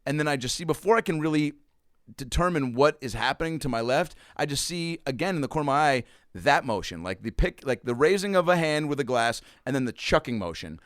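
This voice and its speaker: A man's voice: fairly high pitch, animated, brisk, dry recording, studio quality. A man telling a stand-up comedy story in casual chat, acting out the quotes with big jumps in his voice. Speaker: comedian guest.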